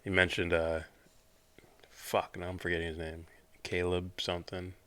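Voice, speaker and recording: A man's voice: low voice, monotone, normal speed, a bit bright, smooth. A man co-hosting a podcast in casual chat, laid-back and self-mocking, swearing now and then. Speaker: podcast co-host.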